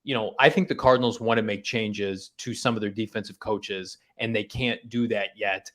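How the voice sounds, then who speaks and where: A man's voice: on the low side, steady tone, normal speed, fairly bright tone. A man co-hosting a sports talk show, casually breaking down betting odds and coaching moves. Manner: analytical, talks through betting odds with restarts.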